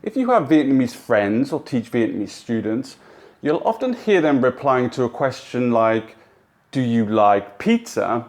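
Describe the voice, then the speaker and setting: A man narrating a language lesson in a clear, measured, instructive way. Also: medium pitch, big pitch swings, darkish tone. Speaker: language teacher. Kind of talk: scripted explanatory narration.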